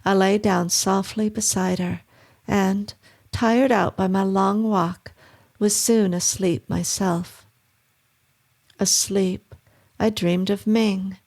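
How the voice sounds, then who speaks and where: Woman horror narrator, slow and suspenseful, gravelly low end. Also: steady tone, a little mellow. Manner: measured, suspenseful reading.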